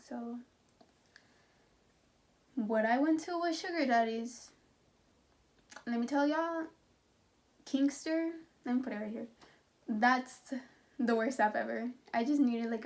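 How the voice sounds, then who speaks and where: A woman's voice: fairly high pitch, unhurried, long pauses, dry recording. A young woman vlogging in a casual, rambling rant, frustrated and swearing as she talks. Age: young adult. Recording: distant phone mic with loud road noise.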